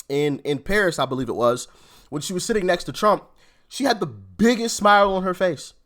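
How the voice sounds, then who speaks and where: A man's voice: high-pitched, a bit bright. A man hosting casual reaction commentary, asking rhetorical questions in disbelief. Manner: incredulous, repetitive rhetorical questions. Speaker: commentary channel host.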